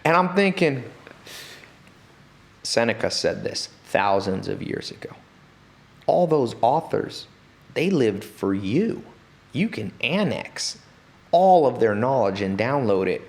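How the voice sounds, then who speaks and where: A man talking as an interview guest in a studio, telling stories in an animated way and acting out the people he quotes. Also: mid-range voice, takes it slowly, vocal fry, long pauses. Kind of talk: storytelling interview talk.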